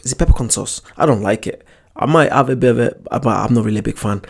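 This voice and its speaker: Gravelly, easygoing reaction host. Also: male voice, mid-range voice, quick pace. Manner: relaxed, rambling, repeats himself. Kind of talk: casual reaction commentary.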